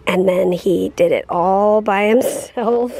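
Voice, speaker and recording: A woman's voice: medium pitch, slow pace, gravelly, mellow, breathy edge. A woman in her thirties chatting casually in a home vlog, laughing easily as she talks. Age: 30s. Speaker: vlogger.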